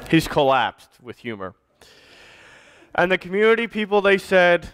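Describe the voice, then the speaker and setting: Man, church pastor, animated storyteller for kids; slightly higher voice, swinging pitch. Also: slow, pauses often. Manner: animated storytelling, directing children to act it out. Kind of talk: children's story in a church service.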